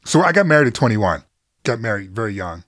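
A man's voice: lowish voice, sing-song, fast, fairly bright tone, no echo, studio quality. A middle-aged man speaking as a podcast guest, telling personal stories candidly and earnestly, laughing easily and swearing casually. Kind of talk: candid conversational storytelling.

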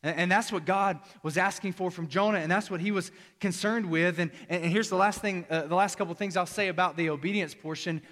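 A man's voice: high-pitched, fairly even intonation, a little fast, hardly any pauses, a bit bright. A man in his thirties preaching a conversational sermon as a young adult pastor, acting out exchanges with his young son. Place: church auditorium. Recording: long reverb of a large hall.

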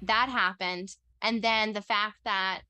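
A young woman telling a story in casual conversation, excitable and full of "like" fillers. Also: mid-range voice, slow, smooth, dry recording. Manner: excitable, heavy use of "like" fillers.

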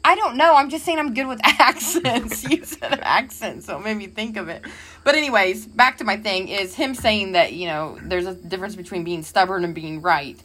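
A woman's voice: medium pitch, moderate pace, fairly bright tone. Giggly woman, rambling. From Indiana. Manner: rambling, laughs often, restarts. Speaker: podcast co-host. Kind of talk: casual chat.

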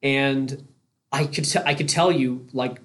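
A man hosts a casual podcast conversation and tells stories from his own life. He often catches and corrects himself mid-sentence. His voice is at a middling pitch. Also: steady tone, a little slow, a bit bright. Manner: chatty, anecdotal, self-correcting. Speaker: podcast host. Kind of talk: casual interview chat.

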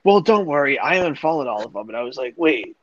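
A man's voice: medium pitch, sing-song, fast talker. A young man hosting a podcast, telling a long personal story in a rambling, profane way, full of "like" and other fillers. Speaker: podcast host. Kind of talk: casual storytelling chat. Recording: dull lo-fi sound, dry.

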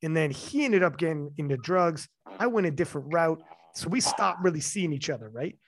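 A man's voice: a little high, lively intonation, brisk, gravelly, slight background noise. A man in his forties, talking candidly and with emotion in a casual chat, swearing often.

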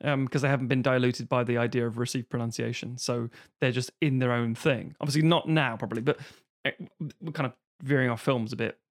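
A man's voice: medium pitch, steady tone, brisk. A man co-hosting a casual podcast, stammering into his points and swearing now and then. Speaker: podcast co-host. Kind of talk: casual chat.

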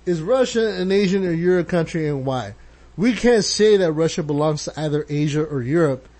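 A man's voice: fairly high pitch, animated, moderate pace, darkish tone. Crude joking podcast co-host, a man. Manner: reads entries aloud, crude joking. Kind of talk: casual podcast banter.

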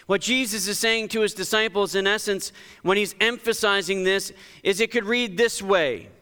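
A man's voice: moderate pace, pushed and bright, clean tone, in a large hall. A male pastor preaching a sermon in a conversational but emphatic way, lifting his voice to stress key points, in a church sanctuary. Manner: emphatic, conversational preaching with sudden lifts in pitch.

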